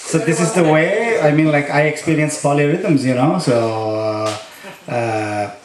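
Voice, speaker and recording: A man's voice: on the high side, unhurried, very noisy. A man leading a workshop demonstration, chanting rhythm syllables between spoken explanations. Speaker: konnakol workshop teacher. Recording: echoey room, heard from a distance.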